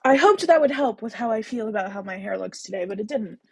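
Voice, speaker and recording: A woman's voice: fairly high pitch, animated, fast, a little mellow, husky, poor audio. A woman hosting a book-reading livestream, chatting casually and bubbly with viewers, full of jokey asides. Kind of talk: casual live chat with viewers.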